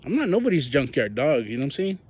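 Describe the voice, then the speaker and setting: A man's voice: medium pitch, sing-song, quick pace, breathy edge, no room sound, muffled recording. A man from northern New Mexico giving an angry personal monologue about local politics, ranting and mocking the people he talks about. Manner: heated, ranting, mocking voices of others.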